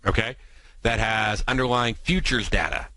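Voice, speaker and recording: An American man hosting a trading show, explaining strategies in quick, filler-heavy talk. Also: on the low side, steady tone, sharp tone, no room sound, low-quality recording. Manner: talks fast, many fillers and asides.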